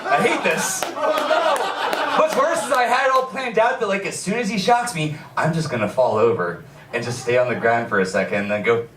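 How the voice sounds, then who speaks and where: A man's voice: mid-range voice, fast talker, heavy background noise. A young man doing a live stand-up set in a small comedy venue, laughing through pain and yelping. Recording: echoey room, far from mic, loud crowd. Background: audience laughter.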